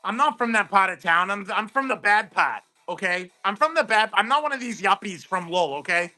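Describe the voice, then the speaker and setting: Brash tough-guy townie put on by a man, aggressive, swaggering, high bright tone. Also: lively intonation, fairly quick, soft background music, heavily acted. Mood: belligerent. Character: brash tough-talking small-town man, defensive, picking fights.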